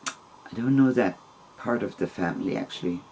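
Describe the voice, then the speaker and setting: A man telling a long personal story in a casual, rambling, gentle way, with soft laughs between phrases. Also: on the low side, moderate pace, slight background noise.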